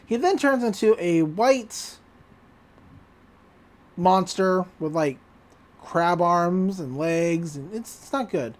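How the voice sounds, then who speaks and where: A young woman casually recapping a cartoon episode, slipping into quick character voices as she tells it. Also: on the low side. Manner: animated, does quick voices for characters while retelling. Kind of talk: casual recap with acted quotes.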